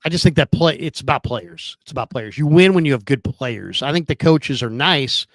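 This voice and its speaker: A man's voice: medium pitch, lively intonation, moderate pace, no echo. A man co-hosting a casual sports talk show, arguing his points with pointed questions and frequent restarts over a remote call. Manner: argumentative, questioning, many restarts. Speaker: podcast co-host.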